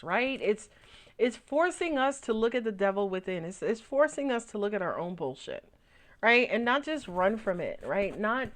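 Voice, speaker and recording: A woman giving a casual tarot reading, talking loosely and swearing freely, often tagging her lines with "right?" and acting out little storylines. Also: mid-range voice. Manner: acts out little storylines in put-on voices. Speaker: tarot reader.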